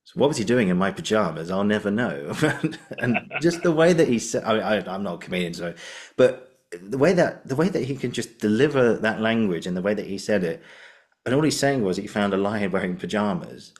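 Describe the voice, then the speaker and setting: A male podcast host chatting casually, excitable, laughing often and jumping between thoughts. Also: on the low side, normal speed. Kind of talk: casual conversation.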